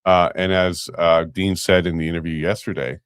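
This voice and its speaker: A man co-hosting a casual talk show, relaxed and rambling with frequent chuckles. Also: sits low, normal speed, smooth, no echo. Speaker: co-host. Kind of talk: casual chat.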